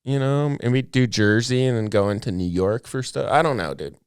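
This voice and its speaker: A man's voice: medium pitch, fairly quick, clean tone, dry recording, studio quality. A man hosting a casual chat as a comedian, rambling and laid-back, with lots of fillers and swearing. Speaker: comedian podcast host.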